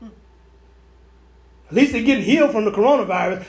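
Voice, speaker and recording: A man's voice: high voice, lively intonation, measured pace, long pauses, darkish tone. A man, a pastor, preaching a prophetic sermon to online viewers, repeating and restarting phrases as he goes. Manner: preachy, repetitive, stammering restarts.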